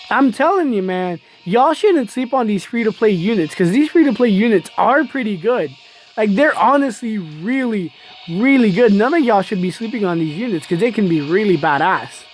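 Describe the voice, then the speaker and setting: Excitable woman streaming a game. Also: on the high side. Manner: excitable, hyped, laughs often; chatty, addresses viewers as y'all. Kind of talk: live gameplay commentary.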